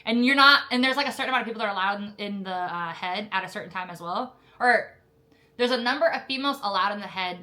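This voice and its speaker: Quick-paced, with a medium pitch and a sharp tone, this young woman recounts her officer training as a Marine officer candidate. She keeps it chatty and filler-heavy, laughing frequently while retelling it.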